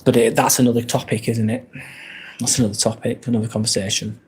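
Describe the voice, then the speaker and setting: A man's voice: medium pitch, quick pace. A British man hosting a casual live stream, chatting loosely and thanking viewers as he reads their comments. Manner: relaxed, rambling, thanks viewers often.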